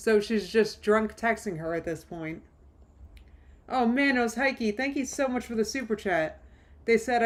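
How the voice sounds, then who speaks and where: Snarky woman streamer reacting live. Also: on the high side. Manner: chatty and snarky, laughs often, mocking asides. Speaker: drama commentary streamer. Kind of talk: live reaction stream, reading texts aloud.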